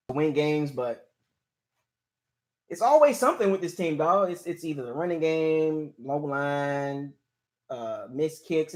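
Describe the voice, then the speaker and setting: A man's voice: on the high side, a little mellow. A man hosting his own channel, ranting in frustration as he reacts live to a game. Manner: frustrated, exasperated, repeats "man" and "dog". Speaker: sports fan channel host.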